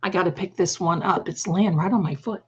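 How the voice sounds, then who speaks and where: A slightly hoarse woman hosting a live stream, chatting fondly with viewers and calling them her darlings. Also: on the low side, brisk, highs cut off. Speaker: livestream host. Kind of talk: casual livestream chat.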